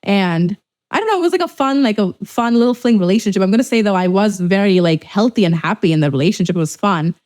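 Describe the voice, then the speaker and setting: Young woman podcast host, casual, animated, profane, jumps into quoted voices. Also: fast talker. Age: young adult. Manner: animated, swears freely, acts out quoted people in a higher voice. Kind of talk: casual chat.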